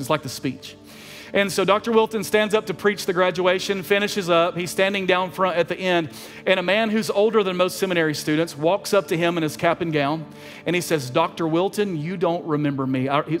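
A man preaching from the pulpit with a fairly high, lifted voice. His earnest, heartfelt storytelling carries through a long church reverb, with soft music faintly underneath. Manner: earnest, emotional storytelling with repeated phrases. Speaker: pastor. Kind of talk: sermon storytelling. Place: church sanctuary.

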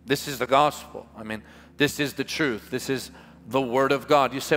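A man preaching a revival sermon as pastor, impassioned and emphatic, stretching key words slowly for weight, recorded live in a large church. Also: medium pitch, fairly bright tone. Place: large church hall with music behind. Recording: live church hall reverb.

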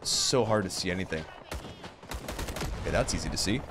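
A man's voice: lowish voice, sing-song, normal speed, noisy background. A man giving live commentary over his own gameplay, exclaiming and swearing as the action unfolds. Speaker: gaming video host.

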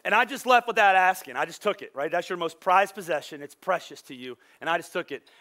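A pastor preaches a conversational sermon in a casual, joking style, acting out the voices of his listeners. His voice is high-pitched, animated and fast, with a pushed, bright edge.

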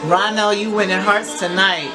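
A woman's voice: mid-range voice, steady tone, normal speed, music in the background. A woman giving casual reaction commentary on a TV singing show, talking back to the screen with sass. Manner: sassy, talks back to the screen. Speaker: reaction vlogger.

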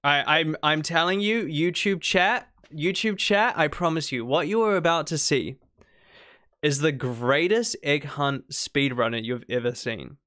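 A man giving excitable live commentary on a game he is streaming, reacting with frequent laughter. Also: a little high, unhurried. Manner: excitable, animated, laughs often.

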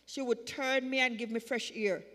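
A woman's voice: fairly high pitch, steady tone, moderate pace, fairly bright tone, in a large hall. A woman telling her personal testimony at a church service, in a repetitive, emphatic way that builds in fervor. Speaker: church member giving a testimony. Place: church sanctuary.

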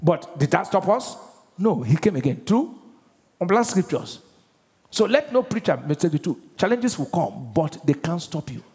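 Preaching in a big church auditorium full of long reverb, a Nigerian pastor keeps quizzing the congregation with emphasis. His voice is on the high side and dark in tone, very animated at a moderate pace.

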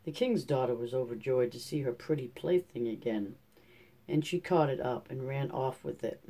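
A man reads a fairy tale aloud in a very dark, mellow voice. His pitch sits in the middle range, and the reading stays steady and measured. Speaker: storyteller.

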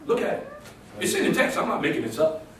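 A man's voice: quick pace, a bit bright, a little hiss or hum. A man preaching a sermon in church, quoting scripture and building to emphatic exclamations with call-and-response. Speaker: pastor. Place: church sanctuary. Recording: echoey church room from a distance.

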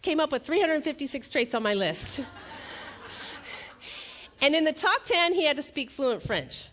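A woman's voice: sits high, normal speed. A middle-aged woman giving a motivational keynote on stage before a live audience, telling stories and acting out the quotes. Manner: animated storytelling, acts out quotes, laughs at own jokes.

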